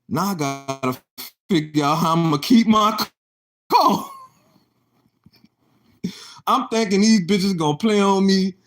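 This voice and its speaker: A young adult man telling a casual, profanity-laced story about his own life, acting out the exchanges he describes. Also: fairly high pitch. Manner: profane, animated, acts out quoted exchanges.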